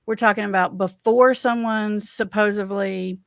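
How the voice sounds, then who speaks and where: Creaky-voiced woman host, dry close sound. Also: mid-range voice, steady tone, moderate pace, dry recording. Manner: thoughtful, questioning, talks through ideas with restarts. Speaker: host and addiction counselor. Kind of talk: casual conversational discussion.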